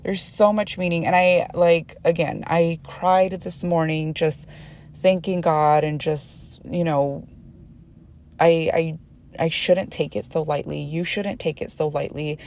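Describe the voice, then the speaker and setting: A woman's voice: deep voice, steady tone, slow, darkish tone, a little hiss or hum. A woman hosting a personal faith podcast, talking earnestly and emotionally and often restarting her sentences. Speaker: podcast host.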